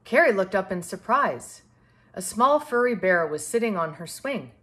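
A woman reading a children's picture book aloud to a young child in a clear, expressive way. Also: medium pitch, normal speed. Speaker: storybook reader.

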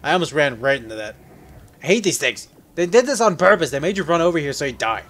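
A man giving casual let's play commentary, joking and rambling, with sudden loud yelps, while sick. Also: on the high side, big pitch swings, fast. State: sick, on medication.

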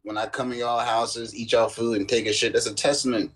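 A man's voice: mid-range voice, little pitch movement, fairly quick, breathy edge. A young man co-hosting a podcast, chatting casually and teasing his friends with dry remarks. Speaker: podcast co-host. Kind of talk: casual chat.

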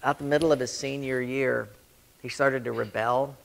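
A male pastor teaching a church leadership class, telling stories and acting out quoted voices with sudden rises in pitch and loudness. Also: fairly even intonation, moderate pace, creaky. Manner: storytelling, acts out quotes with big swings in pitch and volume. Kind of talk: sermon-style Q&A teaching.

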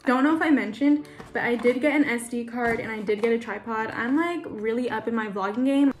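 A young woman vlogging to her camera in an excitable, chatty way, full of "like". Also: a little high, a little fast. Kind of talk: casual vlog chat. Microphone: handheld camera. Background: background music.

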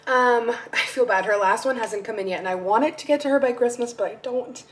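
A young woman vlogging casually at home, gushing and excitable, sometimes dropping to a soft voice. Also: a little high, normal speed, few pauses, faint music behind. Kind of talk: casual vlog chat. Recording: faint background noise.

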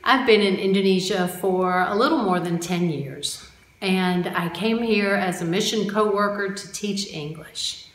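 A woman's voice: mid-range voice, measured pace. A woman from the United States, a mission co-worker, sharing a personal testimony in a conversational way. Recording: roomy echo with faint background noise.

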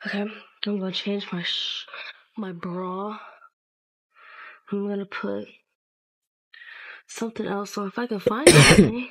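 A woman's voice: medium pitch, fairly even intonation, moderate pace, pauses often. Chatty young woman vlogging in echoey room. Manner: chatty and rambling. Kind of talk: casual vlog talk to camera.

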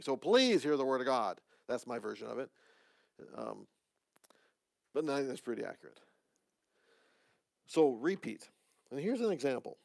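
Male pastor, gravelly tone, dry close sound; relaxed teaching sermon with jokey asides. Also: medium pitch, normal speed, long pauses, no room sound. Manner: conversational, joking asides, restarts. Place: church.

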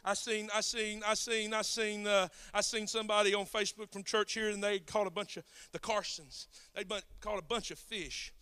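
A man with a Southern accent from South Georgia preaching a sermon as pastor, folksy and conversational, building up to shouted passages. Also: sits high, little pitch movement, normal speed, hardly any pauses, smooth.

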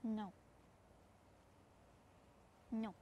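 Outdoors on a livestream, a young woman who runs a sanctuary chats with her viewers and coaxes her goats and other animals. She draws out her words, and the recording is muffled but free of echo.

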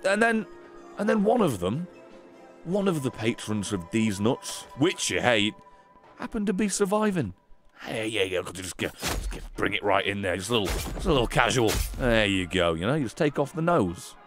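A man streaming a violent game, giving sarcastic, sweary commentary that swings between low mutters and sudden shouts. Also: very animated, moderate pace. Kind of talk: comedic gameplay commentary. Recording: game music behind voice.

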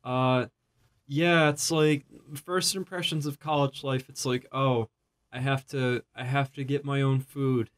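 A young adult man co-hosts a casual college podcast on campus, his mid-range voice steady, unhurried, and a bit bright. He's easygoing, joking around and tossing in playful asides.

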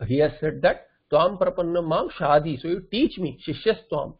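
A man with a high voice gives a scripture lecture, putting questions to himself and answering them. The recording is dull and lo-fi. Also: normal speed, slightly rough. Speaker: Vedanta teacher.

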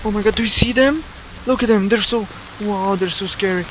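A man's voice: high voice, fairly quick, slight background noise, poor audio. A young man with a Slovenian accent, giving jumpy, panicky commentary while playing a horror game, swearing and repeating himself. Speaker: gaming YouTuber. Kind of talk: scared horror gameplay commentary.

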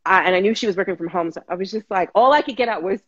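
A woman guest telling her story in casual, animated chat, with frequent restarts, over a video call. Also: medium pitch, racing, breathy edge, highs cut off. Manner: animated, restarts, acts out quotes.

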